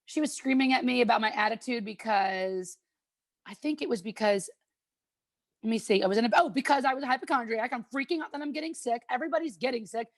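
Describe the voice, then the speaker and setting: A chatty woman talks quickly and a little high, spinning animated anecdotes on a podcast. She acts out what people said to her. The recording is close and dry. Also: no echo. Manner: animated, chatty storyteller who acts out quotes. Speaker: former cooking show contestant, podcast guest. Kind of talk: casual podcast chat.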